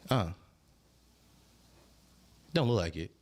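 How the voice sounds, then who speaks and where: A man from Philadelphia with a Philly accent, co-hosting a podcast in loud, teasing casual chat. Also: fairly low pitch, big pitch swings, slow pace. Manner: loud, teasing, playful trash talk. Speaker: podcast co-host.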